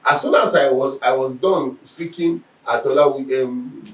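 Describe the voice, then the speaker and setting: A man's voice: mid-range voice, moderate pace. A man giving a Bible lesson, telling stories animatedly and acting out what people said. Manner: animated storytelling, acts out quoted speech. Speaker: Bible teacher. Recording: echoey room from a distance.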